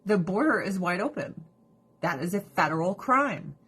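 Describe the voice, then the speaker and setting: A woman with a slightly husky voice talks through her skincare routine. Her pitch leaps up and down as she rants with profanity and sarcasm and slips into mocking impressions. The delivery is loose and casual, like an off-the-cuff vlog. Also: normal speed. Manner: animated, drops into mocking voices. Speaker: vlogger.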